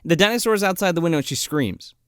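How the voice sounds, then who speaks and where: A man's voice: fairly high pitch, fast, no room sound, clean studio sound. A man co-hosting a casual movie review podcast, retelling scenes with lots of swearing and quoted lines. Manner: profane, animated retelling of scenes with quoted voices. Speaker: podcast co-host.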